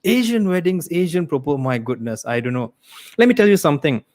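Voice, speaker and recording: A young man from Malaysia performing a livestreamed stand-up set, acting out characters. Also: fairly quick. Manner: animated, acts out characters with big pitch swings. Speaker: stand-up comedian.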